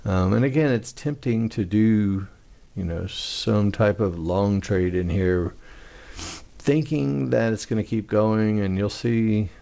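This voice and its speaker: Casting: male trading instructor, low voice with a gravelly edge, casual screen-share explainer. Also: takes it slowly, warm tone. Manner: casual, conversational, acts out trader frustration.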